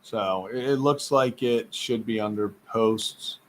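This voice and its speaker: A man's voice: lowish voice, slow, a little hiss or hum. A man hosting a casual live sports stream, chatty and rambling, laughing often, who says his voice is going.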